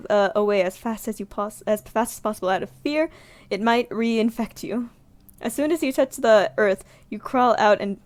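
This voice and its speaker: A young woman streamer reading a visual novel aloud, giggling and reacting with animated outbursts. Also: on the high side, a little hiss or hum. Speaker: gaming streamer.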